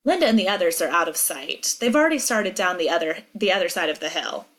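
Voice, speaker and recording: A woman's voice: brisk, hardly any pauses. A woman teacher reading a chapter book aloud, acting out the dialogue expressively. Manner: expressive, acts out dialogue with big pitch jumps. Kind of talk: read-aloud storytelling.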